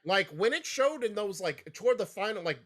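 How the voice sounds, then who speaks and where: A man's voice: high voice, big pitch swings, brisk, a bit bright. A man co-hosting a casual gaming podcast, talking things through in long, winding sentences. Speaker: podcast co-host.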